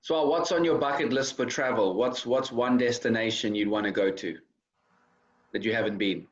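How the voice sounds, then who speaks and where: Man firing quick interview questions. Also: medium pitch. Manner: brisk, direct questioning. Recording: dull lo-fi recording.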